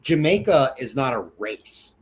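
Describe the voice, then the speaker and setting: A man co-hosting a casual political chat, rambling and halting with many fillers and restarts. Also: mid-range voice, very animated. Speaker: podcast co-host.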